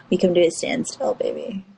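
A woman in playful bedtime chat, speaking softly and half-whispered, teasing her partner. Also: lowish voice, creaky, a little hiss or hum, rough recording.

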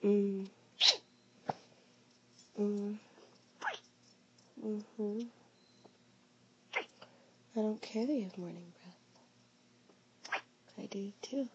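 A woman in a whispered role-play, talking in a sleepy, intimate murmur with soft breathy whispers and hums. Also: medium pitch, extremely slow, pauses often, dull audio, slight background noise. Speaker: audio role-play performer.

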